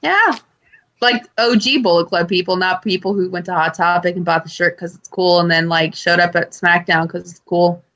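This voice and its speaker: A woman's voice: lowish voice, moderate pace, fairly bright tone. A woman co-hosting a podcast, telling stories animatedly with swearing and mimicked quotes. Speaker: podcast co-host. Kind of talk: casual chat.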